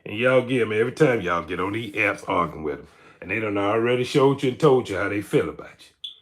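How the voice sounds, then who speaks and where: A man's voice: fairly low pitch, lively intonation, a little fast. A man hosting a livestream, ranting in casual commentary. He is emphatic and repeats his points, tagging lines with "man". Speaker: livestream host. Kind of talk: live-stream commentary rant.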